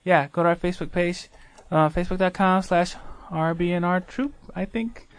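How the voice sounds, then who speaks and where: A man's voice: high-pitched, normal speed, clean tone. A man co-hosting a casual radio show, rambling and self-deprecating, sounding far from his mic. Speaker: radio co-host. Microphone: distant from mic.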